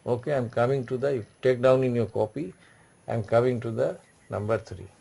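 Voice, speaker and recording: A male teacher walks through French marks in that is not his tongue, sounding words out and repeating them. His voice sits at an ordinary middle pitch, and he explains in a patient classroom manner. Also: vocal fry, mellow. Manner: repeats words slowly, explaining in non-native English. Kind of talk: classroom lesson.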